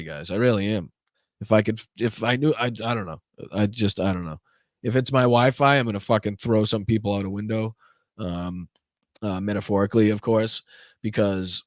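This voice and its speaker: A man's voice: on the low side, no echo. A man hosting a political livestream, talking casually in a profane, exasperated, rambling way.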